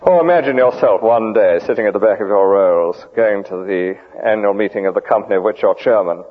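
A man's voice: lowish voice, a little fast. A man preaching a sermon, rhetorical with vivid emphasis and dry humour. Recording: tinny, phone-like old radio broadcast.

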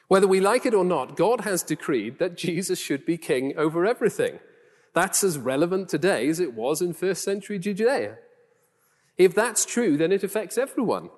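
Geordie preacher in a reverberant hall. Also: male voice, high-pitched. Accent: Geordie, toned down. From Newcastle, England. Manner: conversational, rhetorical questions, self-deprecating asides. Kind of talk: sermon. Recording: long reverb of a church hall.

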